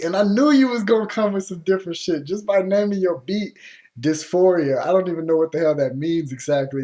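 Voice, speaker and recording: A man's voice: sits high, darkish tone. A man hosting a show where he gives beat feedback, talking bluntly and casually with lots of slang and swearing while still encouraging the producer. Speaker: music producer host giving feedback on beats.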